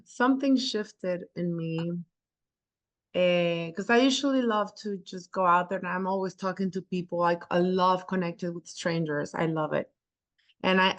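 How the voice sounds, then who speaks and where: Excited woman telling a sales story. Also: on the low side. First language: not English. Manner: animated storyteller, acts out dialogue, halting restarts. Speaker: real estate agent. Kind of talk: sharing a story in a class.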